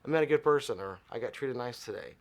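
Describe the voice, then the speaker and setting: A man's voice: mid-range voice, fast talker, creaky. Middle-aged male interview guest, chatty storyteller, mid-range voice, does voices for the people in his stories. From Arizona. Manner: animated storyteller acting out dialogue.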